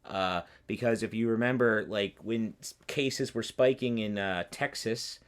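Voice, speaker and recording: A man's voice: on the low side, unhurried. A young man, a university student, co-hosting a casual political podcast, talking in long rambling runs with many restarts. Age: young adult. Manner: rambling, many restarts and mocking quoted voices. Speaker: podcast co-host.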